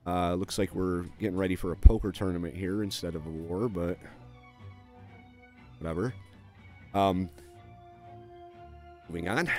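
A man's voice: sits low, moderate pace, pauses often, a little mellow, faint music behind. A man casually walking through a strategy game, reading on-screen text aloud with frequent fillers and dry offhand asides. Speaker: gameplay video host.

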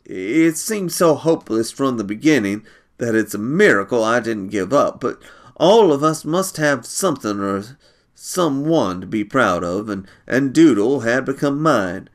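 A man reading a short story aloud, measured and unhurried. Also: medium pitch, animated.

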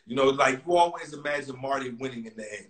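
A man's voice: medium pitch, quick pace, fairly bright tone. A man guesting on a casual interview, laid-back and talking in casual slang. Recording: echoey room.

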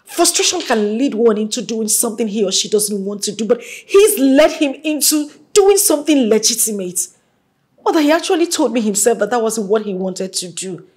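A woman's voice: fairly high pitch, expressive, normal speed, darkish tone, husky. A young woman playing a headstrong daughter who argues and pleads emotionally. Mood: pleading. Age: young adult.

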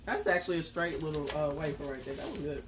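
A man's voice: on the high side, quick pace, crowd noise. A man co-hosting a snack-tasting video, joking and reading labels aloud in a casual chat. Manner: teasing, reads labels aloud. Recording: faint room noise.

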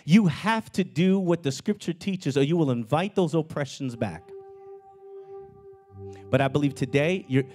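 A man preaching a sermon as pastor of his church, with animated delivery that climbs into shouts. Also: a little high, a little slow, long pauses, faint music behind. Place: church sanctuary.

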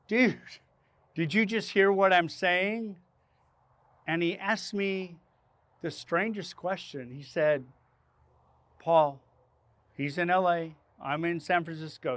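A man hosting his own leadership channel, telling a dramatic personal story to camera in an animated way, acting out his own panicked lines. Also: a little high, no room sound. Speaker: leadership speaker and channel host.

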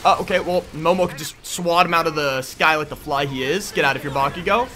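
A young man giving excitable live commentary over his gameplay, yelping and laughing when caught off guard. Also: a little high, fairly quick. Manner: excitable, yelps and laughs at sudden danger. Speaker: gaming YouTuber.

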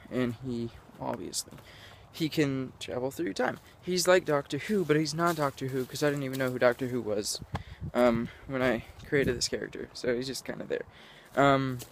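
A young man vlogs outdoors in a casual, meandering way, laughing at himself and forgetting what he meant to say. His voice sits at an ordinary middle pitch for a man, recorded on a camera mic with faint noise and some outdoor ambience behind him. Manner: scattered, self-mocking, laughs often. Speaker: vlogger. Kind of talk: rambling casual vlog. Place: outdoors in sunlight.

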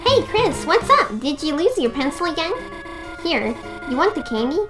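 A woman's voice: high-pitched, sing-song, normal speed, music in the background, pitched above the performer's own voice. A woman voicing a shy young deer girl classmate in a game, timid and polite.

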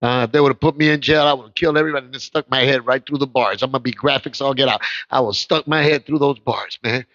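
A man preaching an impassioned sermon, telling stories and breaking into shouts, heard through muffled livestream audio. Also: mid-range voice, quick pace, no room sound. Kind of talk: sermon with storytelling.

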